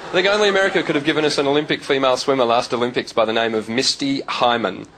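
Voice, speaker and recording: An Australian man doing stand-up comedy on a club stage, telling stories with quick character voices. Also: mid-range voice, noisy background. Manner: lively storytelling, slipping into quick character voices. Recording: live club recording with loud crowd. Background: loud audience laughter.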